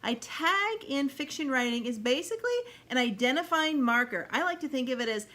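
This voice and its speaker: A woman's voice: high-pitched, expressive, a little fast, hardly any pauses, bright, forceful tone. A woman giving a chatty video lesson on fiction writing, acting out example lines of dialogue and laughing now and then. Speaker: writing instructor. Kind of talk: explanatory video talk.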